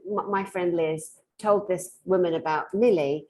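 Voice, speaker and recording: Lower-voiced woman telling an anecdote. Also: moderate pace, a little hiss or hum, low-quality recording. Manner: rambling, self-correcting, animated. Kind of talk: casual storytelling.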